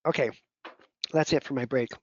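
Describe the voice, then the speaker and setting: A man's voice: medium pitch, normal speed, dry recording. A man mentoring doctors in a casual, rambling teaching talk full of fillers. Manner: conversational, rambling, many fillers. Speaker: functional medicine mentor. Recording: dull lo-fi audio.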